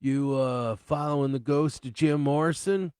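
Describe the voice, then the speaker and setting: A man voicing a laid-back, polite male homeowner with a relaxed way of talking. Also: medium pitch, normal speed, clear, resonant tone, dry recording, clean studio sound, pitched above the performer's own voice, natural voice. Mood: easygoing. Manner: relaxed, polite, says "bro".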